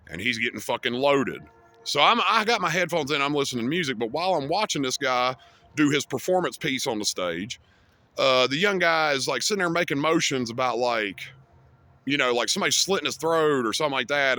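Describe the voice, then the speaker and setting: Vlogger man, rambling and foul-mouthed, forceful bright delivery. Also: medium pitch, dry recording. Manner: heavy swearing, rambling with many fillers. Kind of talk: casual storytelling to camera.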